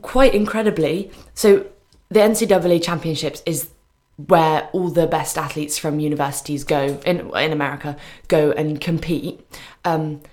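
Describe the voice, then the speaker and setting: A young British woman, a student guest, telling animated stories on a radio show with lots of um and like. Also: low voice, moderate pace, hardly any pauses. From Britain. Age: young adult. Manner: animated storytelling, frequent fillers. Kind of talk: casual radio chat.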